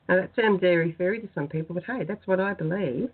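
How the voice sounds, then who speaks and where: A woman, speaking in a soft, earnest, heartfelt way as a spiritual guest on a talk radio show. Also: on the low side, fast talker, few pauses, slight background noise. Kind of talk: phoned-in radio chat, guided prayer. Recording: tinny phone-line sound.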